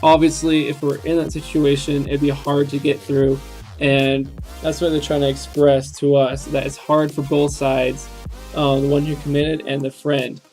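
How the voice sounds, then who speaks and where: A young man talks through song lyrics in an earnest, reflective way. His voice sits a little high and stays flat. Faint music plays behind him. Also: moderate pace. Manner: earnest and reflective, with frequent ums and restarts. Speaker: reaction video host. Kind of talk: casual spoken commentary on song lyrics.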